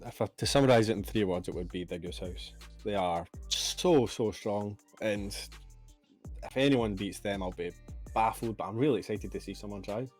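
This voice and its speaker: A man with a Glaswegian accent co-casting an esports stream, modest and quick to laugh. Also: fairly low pitch, a little mellow, soft background music. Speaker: co-caster.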